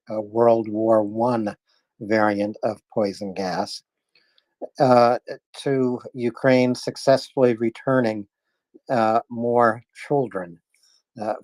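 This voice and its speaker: A man hosts a live online audio chat, halting and full of fillers as he calls on speakers and sums up the news. His voice is mid-pitched and dry, close to the mic. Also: darkish tone, dry recording. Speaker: host.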